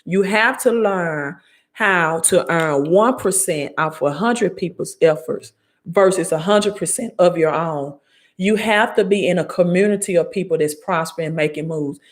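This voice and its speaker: A woman's voice: fairly low pitch, normal speed. A woman in her forties with a Southern Mississippi accent, giving an emphatic, preachy live-stream talk on money and business, repeating her key points. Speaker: credit and finance coach. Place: home, live video.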